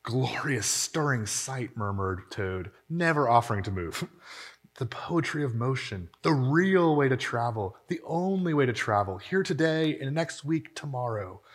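A man voicing a young, rich, reckless gentleman toad from a storybook, speaking in a dreamy, rapturous monotone. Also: medium pitch, normal speed, natural voice. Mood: dreamy rapture. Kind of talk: reading a storybook passage aloud.

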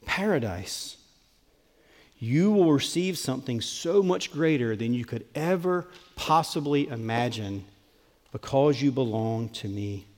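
A pastor preaching a sermon, earnest and emphatic, often dropping to a soft, tender tone. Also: male voice, mid-range voice, expressive, measured pace. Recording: long reverb of a large hall.

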